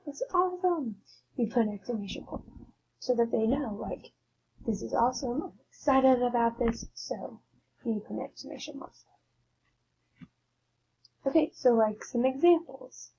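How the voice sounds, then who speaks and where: A woman's fairly high voice with a mellow tone, leading a pretend class in a loose, chatty way full of filler words. The recording is dull and lo-fi with faint room noise behind. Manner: casual, many fillers like "like". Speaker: teacher. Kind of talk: mock classroom lesson.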